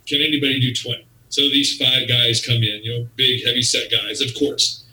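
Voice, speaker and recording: Animated man telling a story, bright tone. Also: mid-range voice, moderate pace. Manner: animated storyteller who acts out quotes. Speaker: guest, wrestling promoter. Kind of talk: storytelling in a podcast interview. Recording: roomy sound, distant from the mic.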